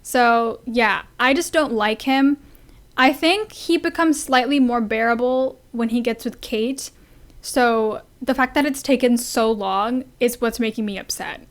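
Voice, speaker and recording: High-voiced, animated young woman vlogger. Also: unhurried. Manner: animated, exasperated, blunt and sweary. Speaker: vlogger reacting to a TV episode. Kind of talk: casual reaction vlog.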